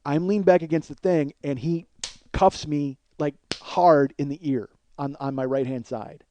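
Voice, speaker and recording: A man hosting a comedy podcast, telling a long profane story in an animated way. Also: fairly high pitch, measured pace, slight background noise. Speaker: podcast host.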